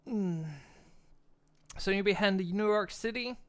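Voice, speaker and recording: A man's voice: sits high, moderate pace, smooth. A man chatting casually on a long live stream, laid-back and rambling, laughing often and yawning between lines.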